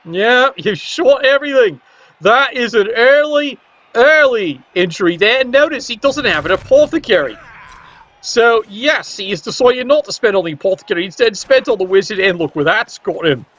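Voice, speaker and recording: High-voiced man commentating a game. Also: animated, moderate pace, a bit bright, lo-fi sound. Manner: chatty, joking asides to the chat.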